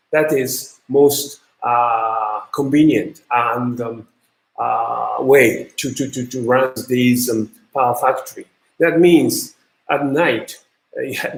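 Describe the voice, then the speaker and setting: Slow, halting man with a Japanese accent. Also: medium pitch. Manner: halting, many fillers and restarts. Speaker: university lecturer. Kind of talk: recorded lecture. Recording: echoey room.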